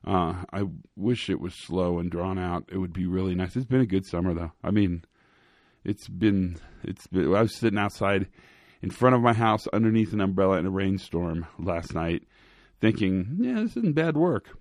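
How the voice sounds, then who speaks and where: A man hosting a podcast in a casual, rambling monologue, joking at his own expense and filling pauses with ums and restarts. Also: deep voice, a little mellow, no room sound, clean studio sound. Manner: rambling, self-mocking, with frequent fillers and restarts. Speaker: podcast host. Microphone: studio microphone.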